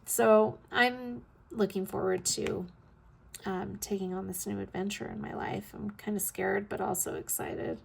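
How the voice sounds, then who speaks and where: A woman in her fifties talks through her week in a loose, rambling vlog chat, full of ums and trailing asides. Her voice has a gravelly, fry-edged texture and a slightly scratchy throat. She sounds tired and keeps yawning between thoughts. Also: medium pitch, steady tone, a little slow. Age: 50s. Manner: rambling, chatty, with frequent ums and yawns. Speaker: vlog host. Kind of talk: casual chat while crafting.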